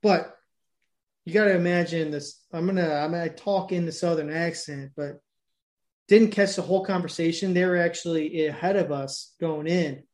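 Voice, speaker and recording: A man co-hosting a podcast, talking in a crude, rambling, animated way and telling stories full of swearing. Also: fairly high pitch, moderate pace. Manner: profane, rambling, animated storytelling. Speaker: podcast co-host. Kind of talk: casual crude chat.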